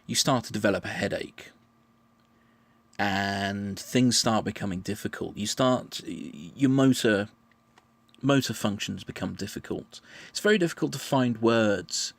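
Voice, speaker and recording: A man explaining his answers in a measured, patient monologue, often restarting his phrases. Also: lowish voice, gravelly, dry recording. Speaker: vlogger answering questions.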